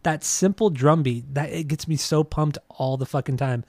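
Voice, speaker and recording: A man co-hosts a casual music podcast, gushing, swearing and teasing his friend with plenty of laughs. His voice sits a little high, and it is recorded close and dry with no room sound. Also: fairly even intonation, normal speed, mellow, dry recording. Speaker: podcast co-host.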